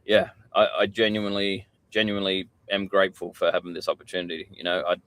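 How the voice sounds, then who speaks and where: A man's voice: low-pitched, fairly even intonation, fast talker, fairly bright tone, smooth. A middle-aged Australian man, a podcast guest, telling candid stories in casual chat and swearing freely.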